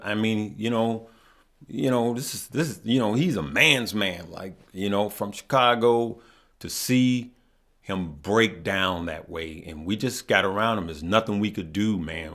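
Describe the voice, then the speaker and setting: A man hosting a live stream, talking earnestly to his viewers, emotional and near tears, halting and often repeating himself. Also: fairly low pitch, fairly bright tone. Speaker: host of a stock market live stream.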